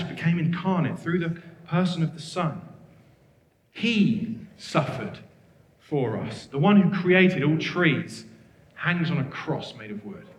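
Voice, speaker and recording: A man delivers a sermon with earnest, emphatic energy, his voice pitched slightly above the usual. He rattles off scripture references quickly. The sound rings out with a long, roomy reverb, as in a large hall. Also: a bit bright. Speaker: preacher.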